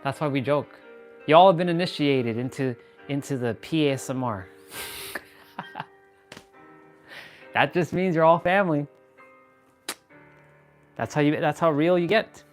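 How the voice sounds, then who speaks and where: A goofy man chatting on a live stream over a phone, joking and laughing at himself. He talks slowly and takes his time between thoughts. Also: on the high side, soft background music. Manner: goofy, joking, self-mocking. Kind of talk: casual live-stream chat.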